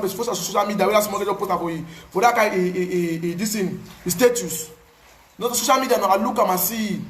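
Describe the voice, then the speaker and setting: Cameroonian pidgin guy, highish voice, animated storytelling, kinda roomy sound. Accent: Cameroonian Pidgin English. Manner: animated, repetitive, pidgin phrasing. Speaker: activist. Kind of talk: casual personal storytelling.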